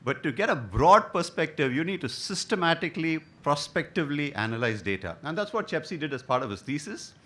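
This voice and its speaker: A man's voice: fairly high pitch, fairly quick, few pauses. Middle-aged guy giving a hematology talk, lots of uh's, voice goes up and down a lot. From India. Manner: hesitant "uh" fillers, rhetorical questions, lively delivery. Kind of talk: academic conference lecture.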